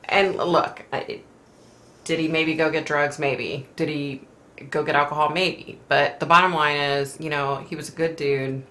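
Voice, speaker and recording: A woman's voice: sits low, fairly even intonation, a little slow, a bit bright. A middle-aged woman hosting a casual live stream, talking in an emotional, rambling way with sighs and fillers. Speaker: host reading viewer comments.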